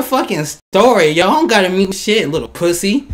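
A man's voice: high-pitched, expressive, brisk, hardly any pauses, a bit bright. A young man hosting a gaming video, giving live gameplay commentary full of brash, profane, mocking trash talk.

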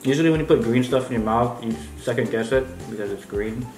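A man's voice: mid-range voice, fast, reverberant, over music. A man taste testing in casual chat, blunt and joking. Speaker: taste tester.

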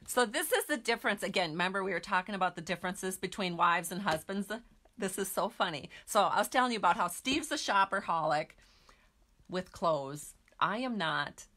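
A woman leads a friendly stamping tutorial, chatting to her audience as she works through each step. Her voice is bright and forward, and she talks in an easy, conversational way. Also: mid-range voice, lively intonation, normal speed. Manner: chatty, talks to viewers while working. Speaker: stamping craft demonstrator. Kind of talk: casual craft tutorial.

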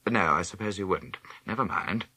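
Guy reading as stern cutting headmaster, low husky voice, precise and measured, audiobook. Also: bright, forceful tone, no echo, full character voice. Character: stern, quietly menacing male school headmaster.

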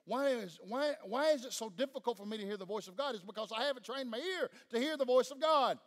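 A Tennessee pastor speaks fast in a very high-pitched voice with a Southern US accent, fervently preaching and pressing the congregation with questions. The sermon is recorded in a church sanctuary with long hall reverb.

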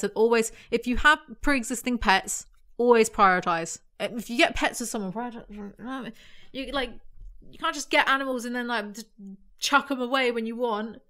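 A woman's voice: fairly high pitch, sharp tone. Blunt, sarcastic young woman. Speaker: book reviewer. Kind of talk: casual commentary.

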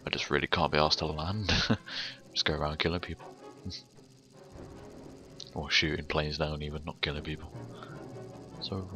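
A man's voice: a bass voice, creaky, sharp tone. A young British man giving rambling, casual gameplay commentary, swearing a lot and chuckling often.

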